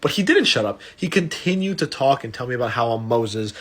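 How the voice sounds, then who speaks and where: A man's voice: medium pitch, fairly quick. Young man telling a wild story, mild stutter. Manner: animated, profane, self-mocking. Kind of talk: casual storytime monologue.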